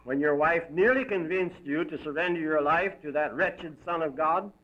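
A man's voice: on the high side, normal speed, natural voice. A man voicing a gloating male demon who mocks and taunts a damned soul. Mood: mocking. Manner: mocking, shrieking, cackling. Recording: dull lo-fi recording.

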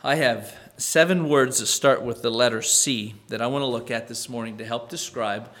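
A man preaching a sermon to his church in a conversational, musing way, restarting phrases and rising in pitch and volume on key points. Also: moderate pace, fairly bright tone. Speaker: pastor.

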